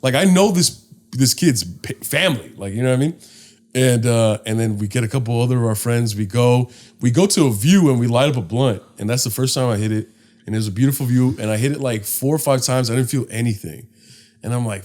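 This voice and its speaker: A young man co-hosting a podcast from home rattles off a casual story, swearing a lot and performing the quoted voices with animation. His voice is medium in pitch and his delivery fast.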